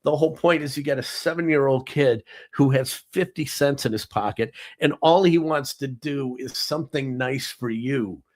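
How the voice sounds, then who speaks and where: A man's voice: medium pitch, normal speed, hardly any pauses. A middle-aged man hosting a casual live talk show. He counts down gifts in a chatty, jokey, rambling way with lots of ums and asides. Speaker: host.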